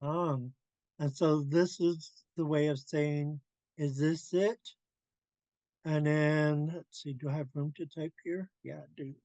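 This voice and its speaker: A man teaching a language class, drilling pronunciation slowly and carefully and laughing often. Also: fairly high pitch, steady tone, darkish tone, no room sound.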